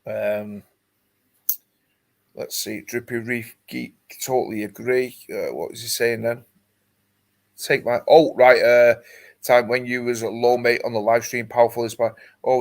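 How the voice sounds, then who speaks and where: A man with a creaky, mid-range voice hosts a laid-back livestream, reading viewer comments aloud and filling his casual chatter with lots of fillers.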